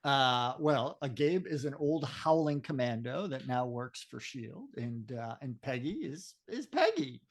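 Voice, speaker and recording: A man co-hosting a podcast in casual chat, agreeable and quick with a quip. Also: mid-range voice, very animated. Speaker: podcast co-host.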